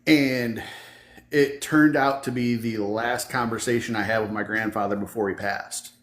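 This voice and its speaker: A man's voice: medium pitch, steady tone, moderate pace, fairly bright tone. Give me a man hosting a podcast, talking earnestly in an echoey room. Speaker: podcast host. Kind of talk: casual conversation. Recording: echoey room with faint hiss.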